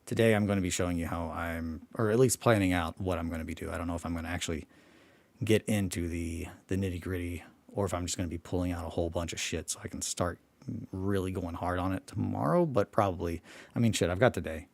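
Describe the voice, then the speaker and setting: A man's voice: deep voice, fairly even intonation, quick pace, creaky, a little mellow, no echo. A man who has just woken up, rambling casually about his tabletop hobby, often breaking off and swearing freely. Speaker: hobby vlogger.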